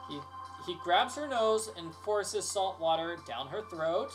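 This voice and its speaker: A man's voice: sits high, expressive, measured pace, soft background music. Playful man streaming his own game. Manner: joking, playful, reads all the characters himself. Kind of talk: livestream commentary reading game dialogue aloud.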